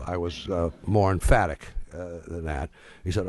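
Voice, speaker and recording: Older man telling a halting story. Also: deep voice, steady tone, darkish tone, dry recording, clean studio sound. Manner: halting, repeats words, acts out quoted voices. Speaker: former trading firm boss. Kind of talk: casual storytelling.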